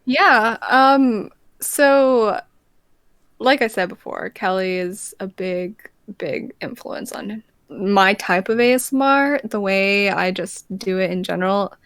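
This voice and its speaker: A woman's voice: medium pitch, takes it slowly, a bit bright, clean tone, dry recording. A young woman being interviewed as a guest streamer, laid-back and giggly, saying "like" a lot. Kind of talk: casual interview chat.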